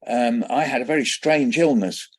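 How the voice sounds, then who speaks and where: A man in his seventies from England, a children's poet guest telling lively anecdotes in an interview and acting out the voices in them. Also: mid-range voice, normal speed, husky. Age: 70s. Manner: lively anecdotal storyteller who acts out voices. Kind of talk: conversational storytelling interview.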